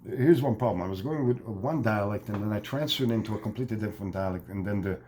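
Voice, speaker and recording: A low-voiced man from Croatia talks through accents in a loose, rambling way. He pauses often for fillers and tag questions while he explains, with a faint hum behind him. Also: a little mellow. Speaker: vlogger demonstrating accents.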